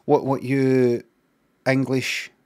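A man's voice: mid-range voice, completely flat delivery, slow, a little mellow, clear, resonant tone. A Scottish streamer casually commenting on a clip, rambling and repeating words as he thinks aloud.

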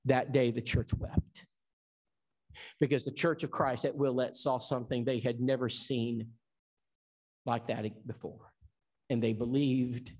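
A man's voice: mid-range voice, flat delivery, measured pace, long pauses, darkish tone. A man from Tennessee who teaches an evangelism seminar. He preaches in an emphatic storytelling style and acts out the dialogue. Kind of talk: sermon.

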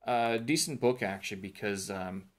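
A man's voice: lowish voice, normal speed. A man casually talking through his course notes in a vlog, thinking aloud with fillers and self-corrections. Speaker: vlogger reviewing a teacher training course.

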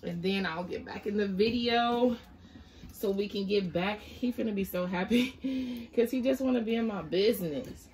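A woman's voice: mid-range voice, moderate pace, darkish tone. A young woman chatting casually to camera as a vlogger, often apologizing and talking to her baby while she looks through letters.

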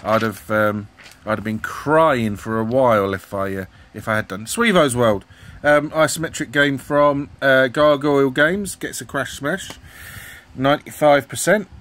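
A man's voice: mid-range voice, a little slow, a bit bright, a little hiss or hum. Rambling middle-aged man. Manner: rambling, hesitant, many ums, asks viewers questions. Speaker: retro gaming YouTuber. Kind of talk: casual commentary flipping through a magazine.

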